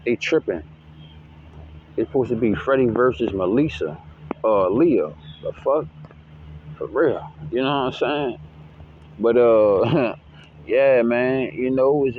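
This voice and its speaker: A man giving a slangy, preachy motivational monologue, repeating himself and checking in with the listener constantly. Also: medium pitch. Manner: slangy, repeats "you know what I'm saying"; preachy, hyped, repetitive. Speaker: self-help vlogger. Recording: dull lo-fi audio with faint noise.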